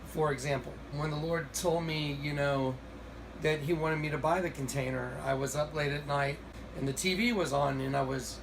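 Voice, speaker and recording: A man telling a rambling, excited story in a casual recorded monologue. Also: fairly high pitch, noisy background. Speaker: video host.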